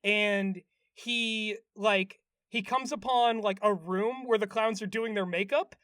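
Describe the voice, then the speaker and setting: A man's voice: high-pitched, fairly even intonation, takes it slowly, fairly bright tone, smooth, no echo, clean studio sound. A man casually retelling a cartoon episode on a podcast, rambling with lots of fillers and acting out bits of dialogue. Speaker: podcast co-host recapping an episode. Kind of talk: casual chat.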